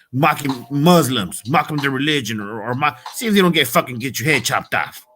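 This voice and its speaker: Guy going off on a profane slangy rant, kinda high voice, soft music underneath. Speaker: motivational vlogger. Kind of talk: casual ranting monologue.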